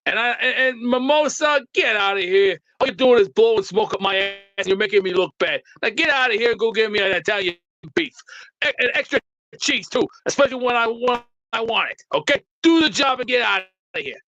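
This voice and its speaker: Brash, high-voiced trash-talking man. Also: brisk, pushed and bright, dry recording, muffled recording. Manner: brash mock tough-guy, trash-talking. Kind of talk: comic insult rant at chat commenters.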